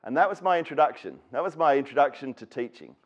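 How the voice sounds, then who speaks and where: A man's voice: on the high side, lively intonation, fast, lo-fi sound. A man with an Australian accent, from Western Australia, giving a personal storytelling talk at an education event. He speaks earnestly and acts out the people he quotes.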